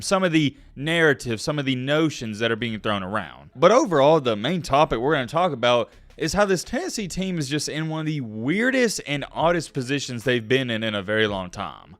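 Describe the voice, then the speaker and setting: A man giving energetic solo sports commentary, talking emphatically and directly to his viewers. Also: mid-range voice, dry recording.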